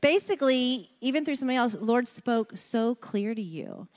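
A woman's voice: a little high, expressive, normal speed. A woman moderating a church panel discussion, affirming the speakers and asking follow-up questions.

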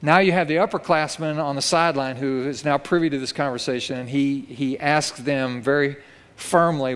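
A male pastor preaching in a sanctuary with a long ringing reverb, his voice sitting a little higher than most men's. He tells a story with energy and acts out the lines he quotes. The sound is a live sermon, not a studio read. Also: normal speed, a bit bright, clear, resonant tone. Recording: long reverb of a church hall.

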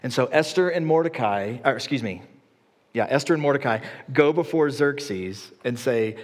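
Male pastor, mid-pitched, chatty animated sermon delivery, echoing church hall. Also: a little fast. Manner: conversational, animated storytelling. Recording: long hall reverb.

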